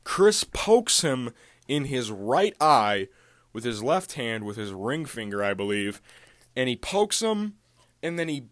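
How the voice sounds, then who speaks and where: A man's voice: a little high, no echo, studio quality. A man hosting a casual fight recap monologue, talking in a heated, profane, ranting way. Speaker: MMA recap channel host.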